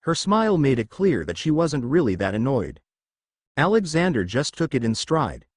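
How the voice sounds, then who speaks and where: A man narrates a fan fiction story in an animated, expressive read, his pitch moving up and down freely. The sound is close and dry, with no room around it. He marks the characters' lines with small shifts in his voice. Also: moderate pace, no echo.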